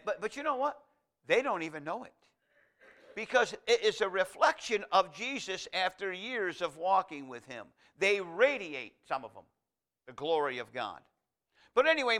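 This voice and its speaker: Male pastor, sermon, folksy and rambling, high bright voice. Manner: folksy, digressive, reads scripture aloud; shifts between quiet asides and loud emphatic lines.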